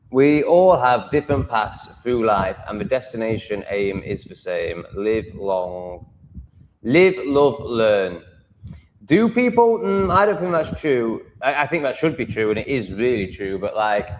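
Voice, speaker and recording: A man's voice: fairly low pitch, slight background noise, poor audio. An English man hosting a livestream, ranting bluntly and swearing freely as he answers viewer comments. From England. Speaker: livestream host. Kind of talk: live stream chat answering comments.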